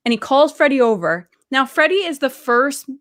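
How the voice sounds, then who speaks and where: A woman in casual chat, telling lively anecdotes and acting out the quoted lines. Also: sits high, moderate pace, no room sound, clean studio sound.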